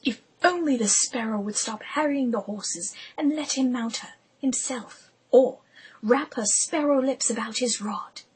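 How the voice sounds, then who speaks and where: A woman narrating an audiobook in a hushed, intimate whisper. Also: fairly high pitch, a little slow, breathy edge, poor audio.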